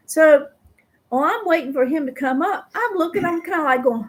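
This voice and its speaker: A middle-aged woman, hosting a casual live chat and telling a story with lively acted-out voices. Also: high-pitched, a little slow. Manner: animated storyteller who acts out voices. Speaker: host.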